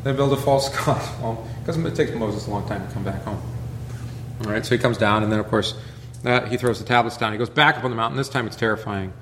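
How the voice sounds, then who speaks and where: A man's voice: lowish voice, quick pace, fairly bright tone, echoey room, slight background noise. Chatty pastor man teaching a class. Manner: conversational, full of rhetorical questions and asides. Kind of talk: informal Bible teaching.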